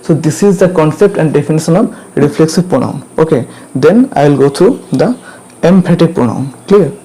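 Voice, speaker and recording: A man teaching grammar, repeating each point and checking in with questions like "clear?". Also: fairly high pitch, lively intonation, normal speed, mellow, rough recording. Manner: repetitive, drills points again and again with checking questions. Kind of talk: classroom grammar lesson.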